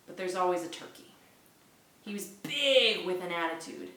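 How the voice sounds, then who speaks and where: Bright-voiced woman reading a novel aloud. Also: on the low side, normal speed. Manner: lively first-person narration. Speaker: book reader. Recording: echoey room.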